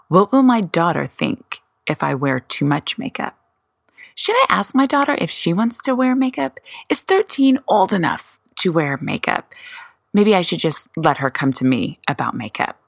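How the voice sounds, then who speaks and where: A woman's voice: on the low side, very animated, creaky, dry recording, studio quality. A woman in her forties hosting a solo podcast, firing off candid, wry rhetorical questions about herself. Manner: self-questioning, rapid-fire rhetorical questions. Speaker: podcast host.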